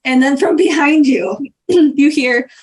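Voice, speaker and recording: High-voiced woman GM, relaxed, filler-heavy narration. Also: takes it slowly. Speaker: game master. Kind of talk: narrating a tabletop game.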